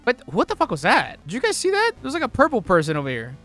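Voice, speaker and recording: A man streaming a horror game with a bright, forceful voice that swings wildly in pitch. His commentary is excitable and full of swearing, and he breaks into sudden yells. Faint game music plays underneath him. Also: quick pace. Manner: excitable, profane, sudden yelling outbursts. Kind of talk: live gameplay commentary. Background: faint game soundtrack music.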